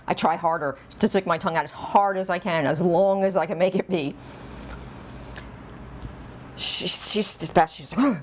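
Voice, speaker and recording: A woman with a fairly low voice spins a casual personal story for her vlog. She rambles and pokes fun at herself. A faint hiss of noise sits under her voice. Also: measured pace, pauses often. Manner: rambling, self-deprecating, chuckles, acts out quotes. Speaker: vlogger.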